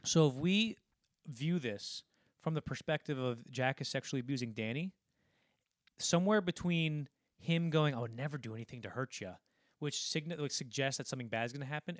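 A man's voice: a little high, dry recording. Guy rambling thru a movie breakdown, doing little character voices, dry mic. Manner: rambling, acts out film lines in quick impressions. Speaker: podcast co-host. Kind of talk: casual film discussion.

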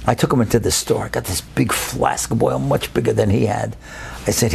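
A man telling a story expressively, building slowly and dropping to a whisper at times. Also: mid-range voice, gravelly, darkish tone, slight background noise. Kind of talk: told personal-style story.

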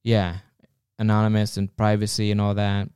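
A man's voice: on the low side, completely flat delivery, moderate pace, a little mellow, clear, resonant tone, no echo, studio quality. A man co-hosting a casual podcast, rambling and joking at his own expense, often restarting his sentences. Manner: rambling, self-mocking humor with frequent restarts. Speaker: podcast co-host.

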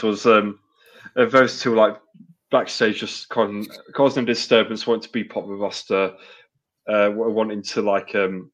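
A man's voice: lowish voice, a bit bright. A man co-hosting a wrestling podcast in casual chat, blunt and sweary, rambling with lots of fillers. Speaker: podcast co-host. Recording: dull lo-fi podcast audio.

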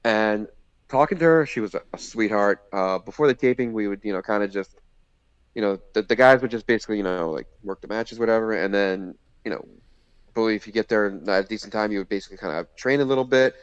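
A man with a lowish voice tells a story in loose, rambling podcast chat, full of "you know" and "like". His voice sounds dry and a little muffled, as if through a dull lo-fi recording. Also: quick pace, smooth, no room sound. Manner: rambling, many fillers and restarts. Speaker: podcast guest, former indie wrestler. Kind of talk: casual storytelling. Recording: slightly muffled lo-fi audio.

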